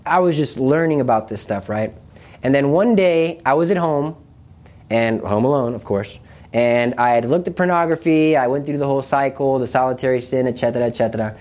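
A young man earnestly recounting a personal religious testimony, confessional and animated, often restarting his sentences. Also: a little fast. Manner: earnest, confessional, with many restarts and pitch jumps. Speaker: speaker sharing his testimony.

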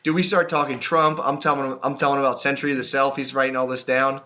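A man's voice: medium pitch, level tone, fast, bright, forceful tone, muffled recording. A young man hosting a podcast, telling rambling, profane stories in casual chat and saying "dude" all the time. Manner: profane, rambling storyteller who says "dude" constantly. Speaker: podcast host.

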